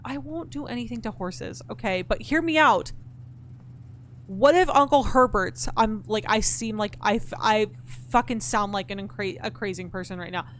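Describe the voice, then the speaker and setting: This time the voice sits mid-range with a moderate pace, a fairly bright tone, and a little background hiss or hum. She's streaming a puzzle game, working through it out loud, responding to chat and the game's characters, and swearing as frustration builds in her live commentary.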